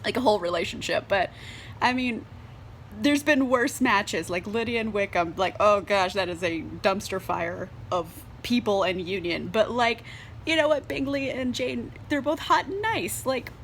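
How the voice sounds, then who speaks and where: This tipsy book vlogger has a somewhat high, expressive voice, fairly bright and unhurried, with a little hiss or hum on the recording. A few glasses of wine in, she giggles her way through a casual review, cursing openly and saying "like" constantly.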